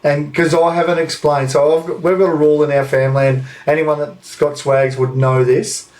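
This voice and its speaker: A man's voice: fairly high pitch, level tone, moderate pace, a little mellow. Sweary, laughing Australian man telling stories. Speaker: podcast host. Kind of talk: casual storytelling chat. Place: indoor room, recorded live.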